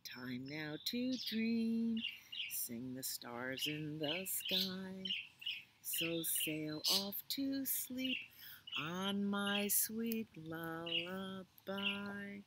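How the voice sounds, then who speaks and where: A woman singing a slow lullaby as a gentle mother wolf. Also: mid-range voice, animated, very noisy, voice pushed up. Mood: tender. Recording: outdoors with loud birdsong.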